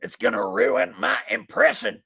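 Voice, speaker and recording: A man's voice: high-pitched, moderate pace, gravelly, bright, forceful tone, slightly rough, dry recording, clean studio sound. A man ranting in profane, exasperated commentary as a vlogger and impressionist.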